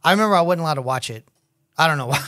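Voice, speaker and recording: Brief: middle-aged male podcast host, slightly high voice, crude and animated storyteller, casual chat. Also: very fast. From United States.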